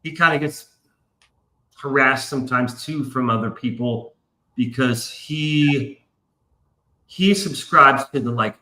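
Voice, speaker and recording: A man's voice: medium pitch, takes it slowly, pauses often, sharp tone, roomy sound, poor audio. A man hosting a casual live stream, telling a long rambling story and swearing freely. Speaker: stream host. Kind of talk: casual chat.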